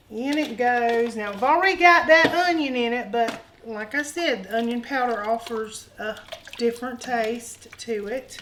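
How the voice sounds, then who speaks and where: A woman chats through a recipe in her home kitchen, folksy and teasing as she goes. Her voice sits a little higher than most, and a faint sizzle of the pan runs underneath. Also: fairly bright tone, slight background noise, poor audio. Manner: folksy and joking, calls viewers honey and y'all. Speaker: cooking show host. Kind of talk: casual cooking demonstration.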